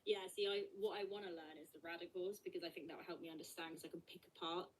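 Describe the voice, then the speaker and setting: Woman, bit low voiced, rambly student going off on tangents. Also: fairly even intonation, rapid-fire, slight background noise, rough recording. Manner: rambling, goes off on tangents, laughs easily. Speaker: co-host student. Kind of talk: casual live lesson chat.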